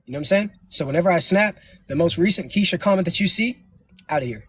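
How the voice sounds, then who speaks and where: Fast-talking preachy man hosting a stream. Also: high voice, animated, a bit bright, a little hiss or hum. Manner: preachy, lecturing, slangy. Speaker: livestream host. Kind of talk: casual livestream talk.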